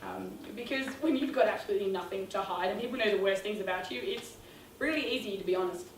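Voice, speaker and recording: A woman's voice: medium pitch, fast talker, a little hiss or hum. A young woman telling a funny, self-mocking story to a youth audience, acting out the quotes with big jumps in her voice. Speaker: youth ministry speaker. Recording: roomy hall sound from a distance.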